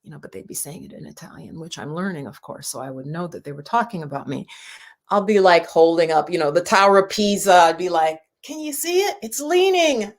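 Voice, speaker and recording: A woman's voice: low-pitched, quick pace. Chatty woman hosting a live stream. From United States. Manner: chatty and warm, with frequent laughs and rambling asides. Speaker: YouTube channel host. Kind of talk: casual live-stream chat with viewers.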